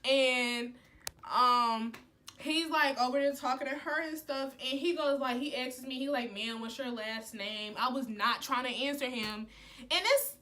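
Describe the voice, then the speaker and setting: A young woman telling a heated storytime to camera, animated and full of "like" fillers. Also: sits high, measured pace. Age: young adult. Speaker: college student vlogger. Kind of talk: casual storytime.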